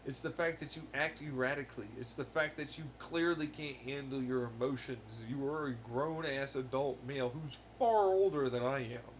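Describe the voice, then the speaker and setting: A young man hosting his own podcast rambles casually from home on laundry day, swearing heavily as he rants. He speaks at a normal speed with a medium pitch and few pauses, over slight background noise.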